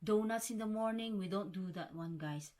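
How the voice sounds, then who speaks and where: A woman's voice: mid-range voice, moderate pace, darkish tone. A woman from the Philippines chatting casually to camera as a vlogger, calling her viewers guys and often restarting words. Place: home in the Scottish Highlands.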